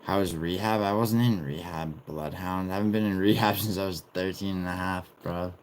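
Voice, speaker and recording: A man's voice: low-pitched, steady tone, moderate pace, a little hiss or hum. A man streaming live, casually reading and bantering with viewers' messages in a loose, profane way.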